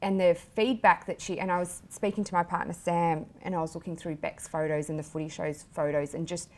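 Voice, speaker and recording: A woman's voice: lowish voice, fairly even intonation, brisk. A woman hosting a casual podcast interview, asking questions and answering with short, supportive agreement.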